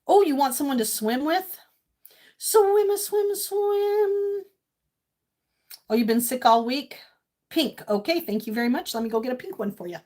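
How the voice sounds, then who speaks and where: A woman's voice: on the high side, lively intonation, fast. A woman in her fifties from Maine, hosting a casual livestream from her home kitchen, gushing and emotional as she talks with viewers. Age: 50s. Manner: gushing and emotional, swings between tearful and loud squealing laughter. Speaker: livestream host.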